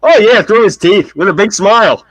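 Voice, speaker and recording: A man chatting casually on a live stream, spinning animated stories and acting out the people in them. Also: sits high, moderate pace, dry recording, rough recording. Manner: animated storyteller who acts out the people in his stories. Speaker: guest storyteller.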